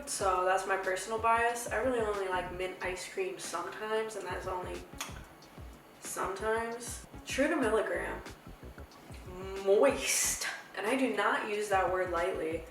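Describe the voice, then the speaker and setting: A young woman hosting a casual review vlog, chatty, rambling and playful. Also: medium pitch. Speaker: host reviewing edibles. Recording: echoey room from far off with music.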